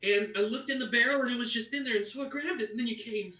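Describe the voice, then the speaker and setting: A man's voice: very high-pitched, fast, sharp tone, roomy sound, distant mic, voice pushed up, rough recording. A man putting on a frightened halfling boy. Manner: frightened, stammering. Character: scared young halfling boy, evasive.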